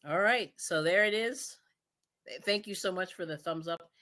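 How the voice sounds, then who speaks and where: Chatty, low-pitched woman cooking live. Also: normal speed, pushed and bright. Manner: chatty, laughs often, trails off and restarts. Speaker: cooking show host. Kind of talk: casual live-stream cooking chat.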